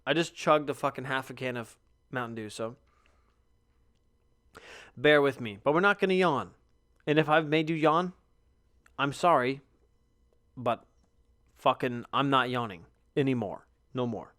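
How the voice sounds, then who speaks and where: A man's voice: mid-range voice, unhurried, pauses often, a bit bright, no room sound, studio quality. A young man hosting a casual solo podcast, rambling and swearing constantly, tired and yawning. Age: young adult. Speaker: podcast host.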